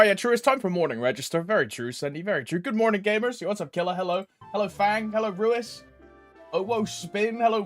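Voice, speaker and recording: A man's voice: high voice, a bit bright. A young man streaming a game, greeting chat by name, with frequent laughs and slangy banter. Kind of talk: casual live-stream chat.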